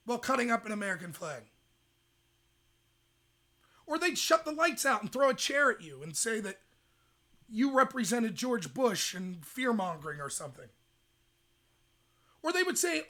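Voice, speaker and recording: A young adult man hosting a livestream, ranting in rapid, emphatic commentary. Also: extremely high pitch, sing-song, sharp tone. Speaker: host.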